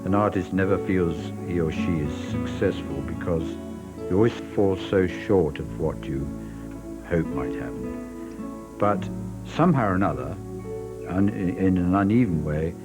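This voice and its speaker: A man, an artist, speaking in a thoughtful, measured and slightly self-deprecating way in an interview. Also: low-pitched, loud music behind the voice. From Britain. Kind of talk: reflective interview.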